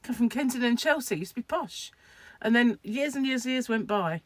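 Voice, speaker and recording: A woman's voice: a little high, a little fast, dry recording. A woman chatting casually to camera at home, rambling and laughing at her own asides. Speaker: crochet vlogger.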